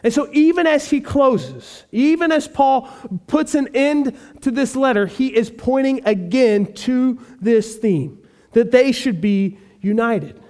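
A man's voice: extremely high pitch, slow, a little mellow. A male pastor preaching a sermon, earnest and emphatic, repeating key phrases for weight.

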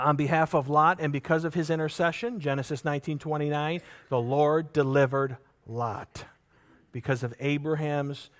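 A man preaching a sermon, telling a parable with lively acted-out voices and earnestly urging his listeners with repeated questions. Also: fairly high pitch. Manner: animated storytelling, acting out characters in the parable.

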